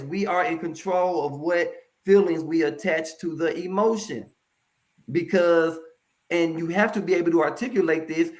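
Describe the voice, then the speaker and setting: A man speaking as a mental health professional in a casual interview, telling stories in a lively, colloquial way and addressing the audience directly. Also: fairly high pitch. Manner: animated, colloquial, preachy asides to the audience.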